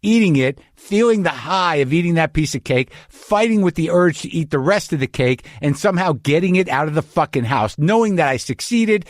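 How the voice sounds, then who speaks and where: Profane, self-deprecating podcast host. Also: male voice, on the high side, no echo, studio quality. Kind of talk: casual comedic monologue.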